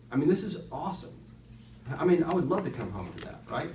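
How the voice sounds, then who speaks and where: A man gives a conversational Bible lesson to a high school class. He tells the story in an animated way and adds rhetorical asides to the students. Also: quick pace, roomy sound, recorded from a distance, a little hiss or hum, poor audio. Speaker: youth speaker teaching a class.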